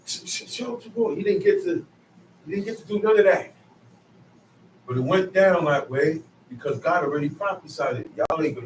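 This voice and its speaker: Man teaching scripture, high voice, emphatic, repeats himself, roomy echo, distant mic. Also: normal speed, a little hiss or hum. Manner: emphatic, conversational, repeats phrases. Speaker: bible teacher. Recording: echoey room, mic at a distance.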